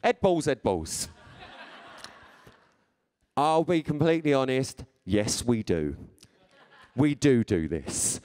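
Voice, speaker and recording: A radio and TV presenter in his thirties talks live before an audience, reading tweets aloud in a chatty, playful way and laughing often. His mid-range voice is a little mellow, clear and resonant.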